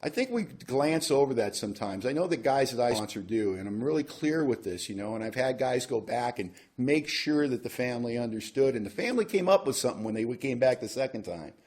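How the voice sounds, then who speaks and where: A man's voice: medium pitch, expressive, fairly quick, few pauses, a little mellow, breathy edge. A man speaking at a recovery workshop, telling a personal story in a wry, self-mocking way. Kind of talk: storytelling talk.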